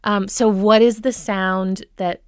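A woman from Minnesota talks through accent coaching in a calm, explanatory way, pausing on thoughtful ums. Her voice is smooth and clear. The sound is dry and close. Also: medium pitch, no echo. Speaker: dialect coach. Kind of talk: conversational interview.

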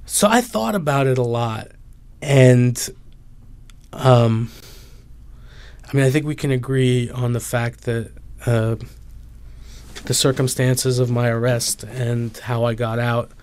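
A man's voice: mid-range voice, slow pace, long pauses, a little mellow, smooth. A man, a book author, answering interview questions thoughtfully with many fillers and restarts.

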